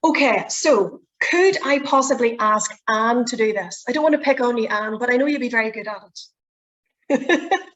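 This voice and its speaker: A woman's voice: a little high, moderate pace, fairly bright tone, dull audio. Chatty woman presentation trainer. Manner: encouraging, chatty, polite requests. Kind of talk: workshop teaching.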